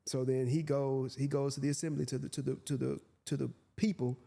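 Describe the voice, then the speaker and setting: A man's voice: mid-range voice, little pitch movement, a little fast, creaky, dark tone. A man hosting a podcast who reads scripture aloud and explains it in a conversational way, laughing often. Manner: conversational, laughs often, frequent "you know what I mean". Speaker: podcast host.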